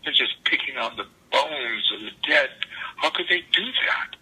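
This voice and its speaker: An older man quoting a weary male rock star who confides his frustrations to a friend in a low, indignant voice. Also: lively intonation, a little slow, bright, forceful tone, husky, exaggerated voice, poor audio. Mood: confiding.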